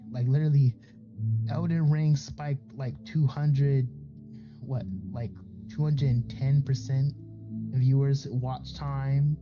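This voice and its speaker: A man's voice: medium pitch, lo-fi sound. A man giving a casual, rambling educational talk as a streamer, full of fillers and restarts. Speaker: VTuber content creator.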